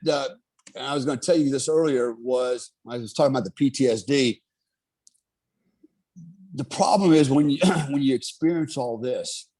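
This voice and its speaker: A middle-aged man recounts his combat deployments in a casual interview. His pitch sits in an ordinary middle range. He rambles earnestly, with frequent fillers. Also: a little mellow. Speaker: military veteran guest.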